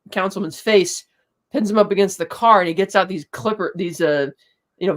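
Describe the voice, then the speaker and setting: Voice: mid-range voice, fairly bright tone. A podcast co-host recapping a TV episode in loose casual chat, swearing freely, chuckling and stumbling over words as they act out the characters' lines. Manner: rambling, profane, acts out quotes; frequent fillers and restarts, chuckles.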